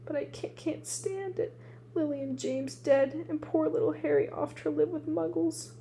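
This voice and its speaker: A huge, soft-hearted giant man speaks in simple, earnest words, as a woman reads his lines. The voice is low-warm with a gravelly edge, and a faint hum sits underneath. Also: flat delivery, moderate pace, natural voice. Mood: tearful. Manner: earnest, tearful plain speech. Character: big gruff gentle male giant groundskeeper.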